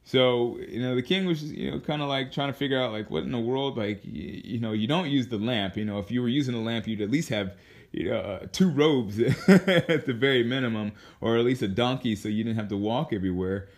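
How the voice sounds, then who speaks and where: A man's voice: medium pitch, fairly quick. A young man casually telling a story, rambling with restarts and chuckling at his own asides. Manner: rambling, many fillers and restarts, laughs at his own jokes.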